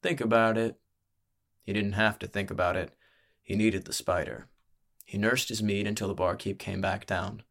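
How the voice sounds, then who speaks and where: A man narrating a fantasy audiobook in a measured, steady storytelling manner. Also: fairly low pitch, vocal fry.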